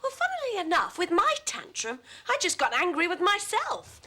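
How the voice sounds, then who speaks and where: A woman playing a scatty, good-natured young witch on a children's TV show, expressive and easily flustered. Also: very high-pitched, full character voice. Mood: chatty. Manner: bright and expressive, quick to fluster. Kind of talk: children's TV acting. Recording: hissy VHS tape.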